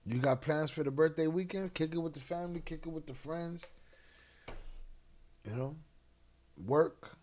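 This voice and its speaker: A man hosting a casual late-night livestream, laid-back and slang-heavy, reading chat and giving shout-outs. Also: a little high, normal speed, long pauses. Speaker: livestream host.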